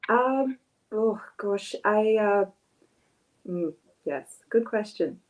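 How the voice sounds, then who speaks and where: A woman's voice: medium pitch, animated, very slow, darkish tone, poor audio. Hesitant young woman on a video call. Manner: hesitant, laughs easily. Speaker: writer on a panel. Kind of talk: casual video call chat.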